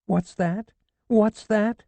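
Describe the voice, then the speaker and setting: A man's voice: sits high, steady tone, drawn-out words, gravelly, mellow, no room sound, pitched above the performer's own voice, heavily acted. A man voicing a distraught old woman who wails and then scolds indignantly, in an audiobook reading. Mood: indignant tirade.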